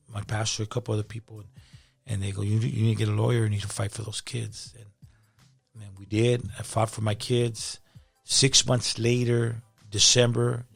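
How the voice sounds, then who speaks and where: A pastor telling his story in a casual interview, animated and slangy as he talks. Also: lowish voice, vocal fry, slightly rough. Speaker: pastor and podcast guest.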